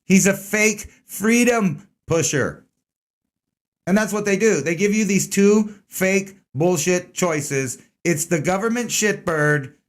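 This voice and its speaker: A man's voice: high-pitched, slow pace. A man hosting an online news commentary stream, talking casually, sarcastic, rambling and full of swearing.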